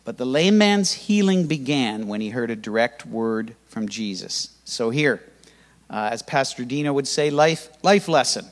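A man's voice: mid-range voice, unhurried. Older male pastor preaching in a hall. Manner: lively, humorous preaching with sudden loud rises. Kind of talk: sermon. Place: church hall. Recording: church hall reverb.

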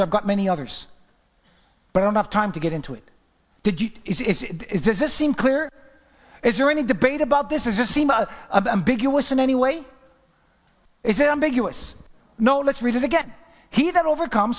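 A high-pitched male pastor preaching in a church sanctuary, his voice trailing off into a long hall reverb. He is emphatic, asks the congregation rhetorical questions and swings between loud declarations and hushed asides. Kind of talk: sermon.

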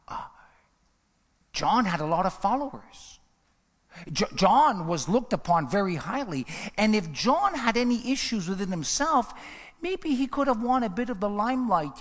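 A man preaching a sermon with passion, swinging from hushed asides to rising emphatic runs. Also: sits high. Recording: reverberant hall.

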